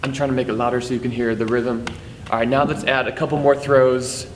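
A man's voice: medium pitch, flat delivery, fairly quick. A man teaching juggling to camera in a chatty, jokey, self-deprecating way, counting throws aloud. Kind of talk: casual tutorial to camera. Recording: long reverb, faint background noise.

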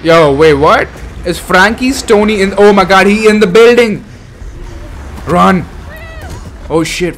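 Young man, horror game playthrough, excitable, swears a lot, fairly high voice, faint music under it. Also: slow pace, pauses often. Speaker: gaming channel host. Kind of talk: let's play commentary.

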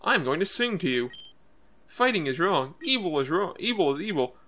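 A man's voice: fairly high pitch, sing-song, moderate pace, pushed and bright. A man doing a preachy singing do-gooder. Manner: repetitive, moralizing, sing-song. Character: earnest preachy young man who sings.

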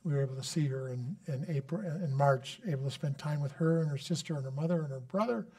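A guest preacher with a fairly high male voice delivers an earnest sermon in a church. He tells stories warmly and with conviction, then rises into fervent prayer. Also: quick pace.

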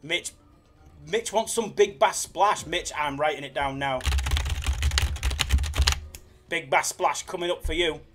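A man's voice: fairly high pitch, normal speed, fairly bright tone, soft background music. Chatty man hosting a stream. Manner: jokey, chatty, reads chat aloud. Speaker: slots live streamer, host. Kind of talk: casual live stream chat.

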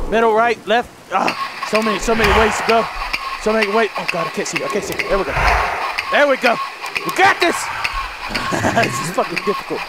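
A young man giving frantic, cursing commentary while playing a horror game and yelling at the monsters. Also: sits high, very noisy. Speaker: gaming video host.

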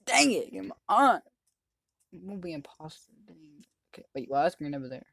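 Excitable let's-play host, chatty commentary with sudden yelling, mid pitch, dry close mic. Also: normal speed, dry recording. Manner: excitable, yells at other players; chatty running commentary on the game. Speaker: gaming channel host.

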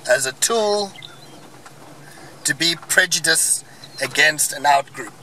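A man rambles opinionatedly with wry asides while riding through a game reserve. His voice is bright and somewhat high, and his pace is slow. He is picked up from a distance, with faint outdoor noise. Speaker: vlogger on safari. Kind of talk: casual commentary.

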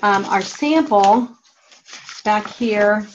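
A woman teaches a grammar lesson at a slow, deliberate pace, walking her students through each mark one step at a time. Her voice sits in a middle pitch. The recording sounds slightly dull and lo-fi. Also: slight background noise. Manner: slow, methodical step-by-step instruction. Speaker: writing teacher.

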